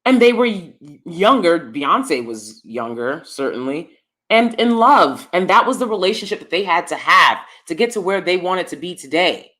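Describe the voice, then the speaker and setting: A woman's voice: lowish voice, sing-song, normal speed, fairly bright tone. A woman vlogger giving opinionated commentary to her viewers from downstairs at home, emphatic and repeating lines for effect.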